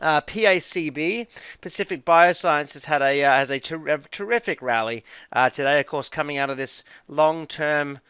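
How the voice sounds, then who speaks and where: A man talks through stock charts in a casual, upbeat way, rambling and stopping often to restart his sentences. His voice sits a little high for a man and sounds smooth and resonant. The sound is dry and close, with no room echo. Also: normal speed, fairly bright tone. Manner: rambling, many fillers and restarts; upbeat and chatty. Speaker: stock market commentator. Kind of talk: casual market commentary over charts.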